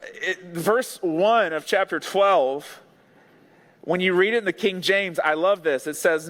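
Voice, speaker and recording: A man's voice: sits high, measured pace, a bit bright. A male pastor giving an earnest, conversational sermon with playful asides. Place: large church sanctuary. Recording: long church hall reverb.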